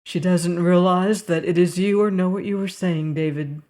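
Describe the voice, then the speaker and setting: A woman reading the lines of a kindly male doctor who speaks gently. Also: lowish voice, steady tone, normal speed, close to an everyday voice. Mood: gentle. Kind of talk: audiobook character reading.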